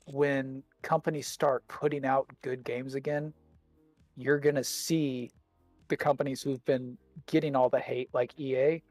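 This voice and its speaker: A man's voice: mid-range voice, a little mellow, dry recording. Chatty man with the hiccups. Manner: rambling, repeats words while thinking. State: has the hiccups. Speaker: podcast co-host. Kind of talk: casual chat.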